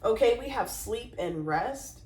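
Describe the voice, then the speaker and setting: A woman's voice: on the high side, animated, unhurried, a little mellow, roomy sound, far from the mic, poor audio. A woman giving a casual spiritual tarot reading in a chatty, rambling way, now and then breaking into sung exclamations. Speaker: tarot reader.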